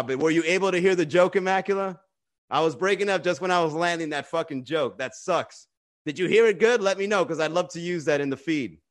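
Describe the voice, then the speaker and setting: A man's voice: fairly high pitch, fairly bright tone. A man who hosts a comedy livestream, rambling and teasing viewers in the chat with profane jokes, recorded on a phone. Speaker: stand-up comedian and livestream host. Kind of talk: casual livestream chat and roasting.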